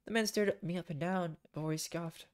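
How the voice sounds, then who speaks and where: A woman streamer reading a romance comic aloud in an expressive, casual way with chatty asides. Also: lowish voice, a little fast.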